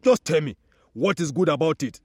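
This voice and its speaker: In a storytold radio play, a man puts on a sulky, stubborn tree with a Nigerian lilt, complaining loudly and indignantly. The voice is high for a man and swings up and down a lot. It sounds dry and close. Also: lively intonation, moderate pace, no echo.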